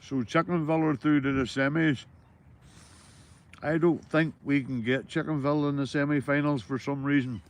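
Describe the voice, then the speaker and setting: A man's voice: fairly high pitch, steady tone, normal speed. A Northern Irish man chatting casually to livestream viewers while fishing, easygoing and full of banter, swearing freely and calling everyone mate. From Northern Ireland. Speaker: livestreaming angler.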